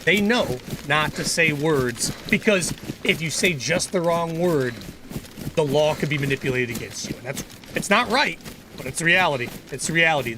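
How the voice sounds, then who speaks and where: A man talks casually on a livestream in a fairly high voice. He is earnest and opinionated, and he circles back and restarts his sentences. Steady game noise sits clearly under his speech. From United States. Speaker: gaming livestreamer and lawyer.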